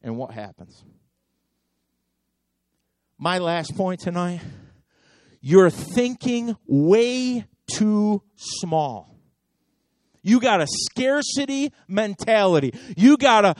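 A male pastor preaching with fiery, repetitive exhortation, his voice sitting high for a man. He swings from ringing calls to hushed, intense asides. The sound is close and dry. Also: big pitch swings, takes it slowly, no echo. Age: adult. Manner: impassioned preaching with sharp swings between loud and hushed. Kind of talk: sermon.

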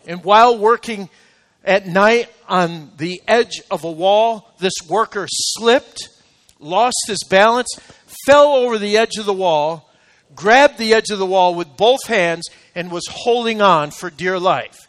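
A male pastor preaches in a church sanctuary, his fairly high voice climbing to emphatic, ringing peaks before sinking into soft, close talk. The room adds a long, trailing reverb to every line. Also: unhurried. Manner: preaching with swelling rising emphasis, then dropping to quiet intimate talk. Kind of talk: sermon.

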